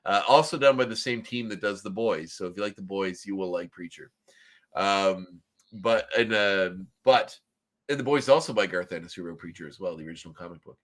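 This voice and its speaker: A man's voice: sits low, a little fast, a bit bright. A man from Nova Scotia co-hosting a casual review podcast, rambling with many ums and restarts. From Canada, Nova Scotia. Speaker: podcast co-host.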